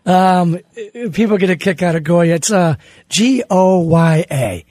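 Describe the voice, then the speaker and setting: A middle-aged American man, a teacher and author, talking as a radio interview guest in an animated, emphatic way and often restarting his words. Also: sits high, a little slow, no echo. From United States.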